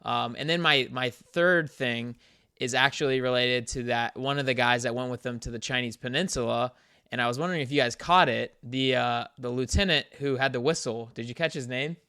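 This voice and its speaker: A man chatting casually about anime on a podcast, rambling and animated and laughing often. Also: mid-range voice, brisk, smooth, no echo, clean studio sound. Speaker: podcast co-host.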